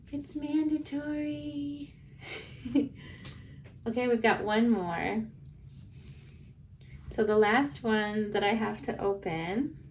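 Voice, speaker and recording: Gushing woman, slow, a bit off-mic. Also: mid-range voice, distant mic, a little hiss or hum. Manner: gushing, breathy excitement, frequent laughs. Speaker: plush toy reviewer. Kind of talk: casual unboxing vlog.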